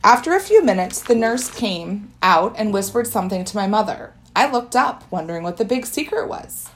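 Lively woman reading a children's book. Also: medium pitch, normal speed. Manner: expressive, lively storytelling. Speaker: audiobook narrator. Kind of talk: first-person children's book narration.

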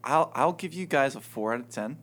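A man's voice: medium pitch, animated, brisk, a bit bright. A man leading a small group discussion, careful and hesitant with dry humor. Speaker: guest small group leader.

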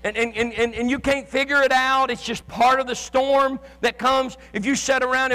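Man, pastor, impassioned sermon, frequent shouting, stammered restarts, very high voice, long hall reverb. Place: church sanctuary with live and online congregation.

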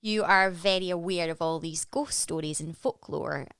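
A young woman from Edinburgh with an Edinburgh Scottish accent, a stage actress chatting as a podcast guest and telling a story in a lively, animated way. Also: lowish voice, moderate pace, clear, resonant tone, no echo. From Edinburgh, Scotland. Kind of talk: casual chat, storytelling.

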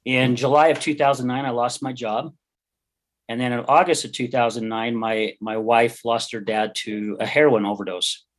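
A man's voice: medium pitch, fairly even intonation, moderate pace. Earnest middle-aged man sharing his story. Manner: earnest, heartfelt and candid. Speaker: podcast guest. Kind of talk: personal testimony in an interview.

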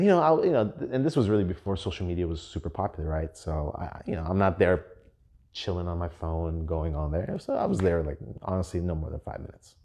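Laughing and loose, a young podcast host spins a profane story as a casual monologue. He has a low-pitched, mellow voice.

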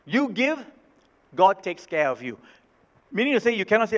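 A male pastor delivers a sermon with emphatic, repeated key lines. His voice sits high for a man. It carries long reverb from a big hall and sounds slightly dull. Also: sing-song, normal speed.

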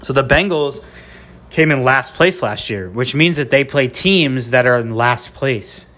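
A man's voice: mid-range voice, animated, a little slow, a bit bright. Young male podcast host, nasal, blunt and profane, ranting about sports.

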